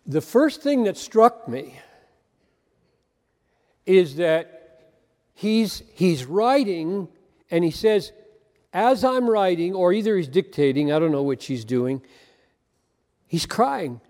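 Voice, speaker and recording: High-voiced older male preacher, reverberant. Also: animated, a little mellow. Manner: earnest, emphatic, with halting repetitions. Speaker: pastor. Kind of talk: sermon. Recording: long hall reverb.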